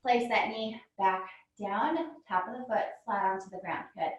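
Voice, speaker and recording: A female yoga instructor with a medium-pitched voice leads a guided class at a moderate pace, slightly out of breath as she calls out poses and encouraging cues, often saying "good." She sounds distant in an echoey room, and the highs are cut off.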